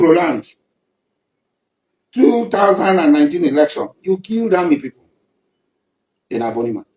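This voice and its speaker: A man's voice: fairly high pitch, darkish tone, reverberant, lo-fi sound. A Nigerian man giving an emphatic public statement, accusing and repeating himself for weight. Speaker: community leader.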